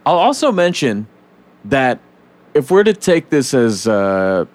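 A man with a mid-range voice hosts a casual podcast, speaking slowly yet animatedly. He talks loosely, swears, and acts out comic scenes using different voices.

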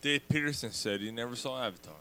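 A man's voice: medium pitch, quick pace, bright, forceful tone, smooth, no room sound. A man in casual banter, crude and profane, making jokes.

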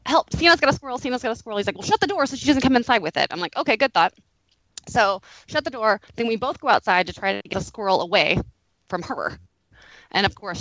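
A woman telling a lively story in casual podcast chat, laughing often. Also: a little high, no echo, rough recording.

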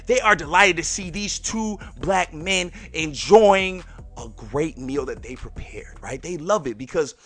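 A man hosting a podcast and telling a personal story in a lively, slangy way, talking straight to his listeners. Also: on the high side, a little slow. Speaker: podcast host.

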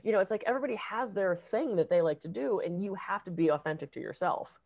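A woman, a professional speaker, chatting casually; she is candid and a bit irreverent, and tells lively stories. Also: mid-range voice, fast talker, creaky. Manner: lively storyteller acting out quotes. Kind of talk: casual conversation.

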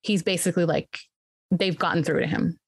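A woman retells a film scene by scene in a relaxed podcast chat. She voices the characters' lines herself and her pitch jumps up on the dramatic moments. Her voice sits a little low for a woman and sounds dry and close to the mic. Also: a little fast, slightly rough, no echo. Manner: animated storytelling, acting out quotes with jumps in pitch. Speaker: podcast co-host recapping a film. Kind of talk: casual retelling of a film plot.

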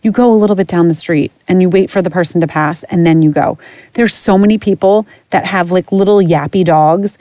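A woman's voice: lowish voice, fairly quick, warm tone, no room sound. A middle-aged woman hosting a podcast, ranting in a blunt, profane and exasperated way. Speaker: podcast host. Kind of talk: casual ranting monologue.

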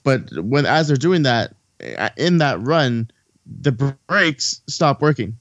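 A man chatting casually on a podcast, retelling a film in a loose, rambling way and putting on the characters' lines as he goes. His voice sits at an ordinary middle pitch. The recording is dry and a little dull, as if it went through a lo-fi chain. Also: lively intonation, slow pace, fairly bright tone, dry recording. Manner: rambling, swears casually, acts out dialogue. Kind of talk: casual movie recap chat.

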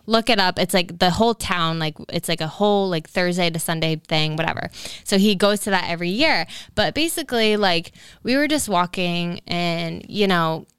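A woman's voice: fairly low pitch, animated, moderate pace, a bit bright, smooth, dry recording, clean studio sound. A young woman in her twenties telling a rambling personal story on a casual podcast, filling it with "like" and "um". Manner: rambling storyteller, heavy use of "like". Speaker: podcast co-host. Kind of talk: casual chat.

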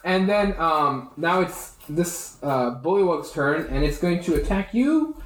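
A man's voice: fairly high pitch, expressive, unhurried, roomy sound, slight background noise, rough recording. A man narrating as game master of a tabletop game in a loose, rambling way full of fillers.

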